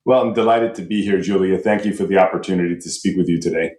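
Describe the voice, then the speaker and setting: A middle-aged man with a Basque Spanish accent answers as a podcast guest. His voice is low and he talks quickly in a composed, articulate way, in an echoey room. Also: darkish tone. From United States. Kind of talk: podcast interview.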